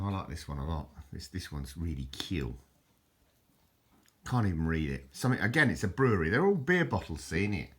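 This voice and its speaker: A man chatting casually in a show-and-tell vlog, rambling, correcting himself and stumbling over foreign words. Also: low voice. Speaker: vlogger showing his bottle collection.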